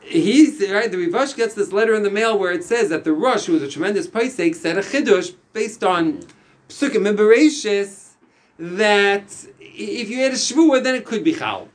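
A man's voice: high-pitched, moderate pace. A man teaching a small class, explaining step by step with frequent restarts. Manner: animated, explanatory, frequent restarts and Yiddish-Hebrew terms. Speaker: Torah teacher.

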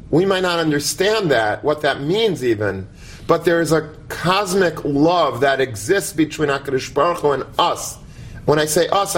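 A man giving a sermon, conversational and animated, often asking the audience to imagine. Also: on the high side. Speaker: rabbi giving a talk.

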